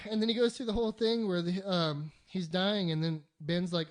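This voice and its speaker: A podcast co-host chatting casually, swearing constantly and acting out quick mock voices for the characters. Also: medium pitch, fairly even intonation.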